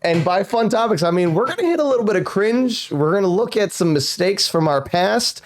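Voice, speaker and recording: A man hosting a podcast in casual chat, telling stories in an animated way. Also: sits high, fairly quick, slight background noise. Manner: animated storyteller. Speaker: podcast host.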